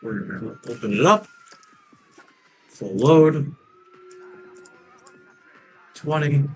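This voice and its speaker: A man's voice: medium pitch, expressive, drawn-out words, slightly rough, rough recording. A man giving casual, rambling commentary while he plays a theme park building game, joking and laughing at his own jokes. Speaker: let's play gamer.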